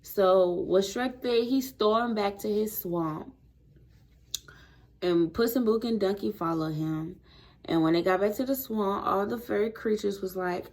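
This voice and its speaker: A woman casually retelling a fairy-tale story in a relaxed, conversational way. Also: mid-range voice, unhurried.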